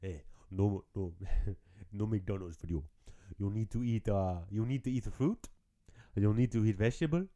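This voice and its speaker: A man's voice: on the low side, moderate pace, mellow, voice pushed down, natural voice. A man doing a stern lecturing doctor. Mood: scolding. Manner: lecturing, scolding. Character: stern older male nutritionist doctor.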